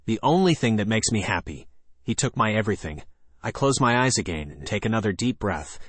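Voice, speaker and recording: A man narrating a first-person horror story in a steady, even reading voice. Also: on the low side, a little fast, dry recording.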